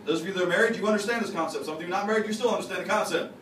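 His voice is high, a little bright, and rapid-fire as this pastor chats his way through a homespun sermon, confessing things and ribbing members of the congregation. Captured in the sanctuary, the audio sounds distant, noisy, and full of echo.

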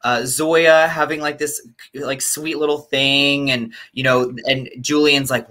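A man's voice: mid-range voice, level tone, a little slow, few pauses, bright, forceful tone. A man appearing as a guest reviewer in a casual TV review chat, rambling and hesitant, with many restarts.

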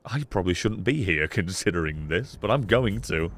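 Excitable, profane game streamer. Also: male voice, deep voice, normal speed. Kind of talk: live gameplay commentary.

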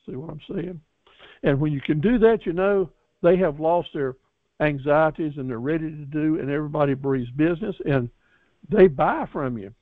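A man's voice: fairly high pitch, normal speed, dry recording. A man teaching a business course, giving a folksy graduation talk to his class in a coaching manner, with frequent restarts and repeated words. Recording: dry, tinny phone-like sound.

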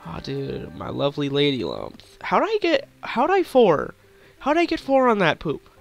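A man's voice: a little high, wildly swooping pitch, normal speed, gravelly, soft background music. A young man with a sore throat giving hyper, giggly, crude gameplay commentary, rambling on. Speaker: gaming YouTuber.

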